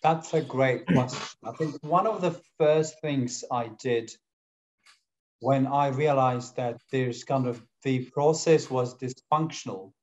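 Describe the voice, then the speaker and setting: Arabic-speaking male podcast host, chatty and example-driven, medium pitch, dull recording. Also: takes it slowly, darkish tone, a little hiss or hum. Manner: explains by acting out examples. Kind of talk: casual conversation. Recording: dull lo-fi audio.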